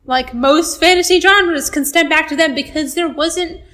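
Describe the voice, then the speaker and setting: A young woman with a high voice co-hosts a casual podcast. She explains things eagerly, talking fast in bursts with plenty of fillers. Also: sharp tone. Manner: enthusiastic explainer, filler-heavy. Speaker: podcast co-host. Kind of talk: casual chat.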